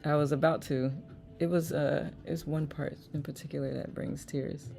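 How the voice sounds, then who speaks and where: Woman host, low gravelly voice, mellow tone, reads chat comments aloud, laughs often. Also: steady tone, moderate pace, soft background music. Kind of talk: live online chat reading comments.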